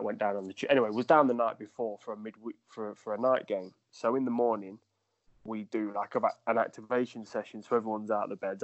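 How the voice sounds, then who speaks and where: A man's voice: on the low side, dry recording. A man, a footballer guest on a podcast, rambling through anecdotes and laughing as he tells them. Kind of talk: casual storytelling. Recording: dull lo-fi dry sound.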